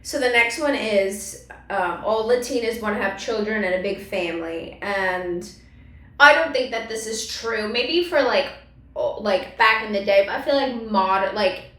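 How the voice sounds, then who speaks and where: A woman's voice: mid-range voice, unhurried, a bit bright, roomy sound, far from the mic, low-quality recording. A woman from the US East Coast co-hosting a comedy podcast, giving frank, judgmental opinions in casual chat. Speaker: podcast co-host.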